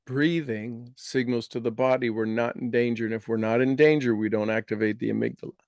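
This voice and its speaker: A man speaks in an earnest, explanatory way, then leads his listeners through affirmations at a slow and deliberate pace. His voice sits at an ordinary middle pitch, and the sound is dry and close, with no room echo. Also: steady tone, creaky, a little mellow. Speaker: speaker guiding an audience. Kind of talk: motivational talk with guided affirmations.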